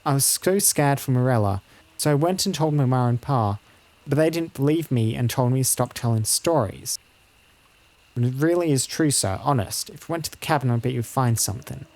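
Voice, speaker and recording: An earnest little farm girl from a fantasy game, talking fast and insisting her scary story is true, as a man puts her on. Her pleading is anxious, and her voice sits a little above an everyday one. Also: medium pitch, darkish tone, lightly acted. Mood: earnest, scared.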